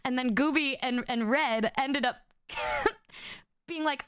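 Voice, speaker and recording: A young woman with a high voice tells a funny story to her stream in casual chat. She is animated and laughs often, stammering and restarting as she goes. The recording is close and dry. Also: clear, resonant tone, no echo. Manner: acts out friends' lines in quick high bursts. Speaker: VTuber streamer.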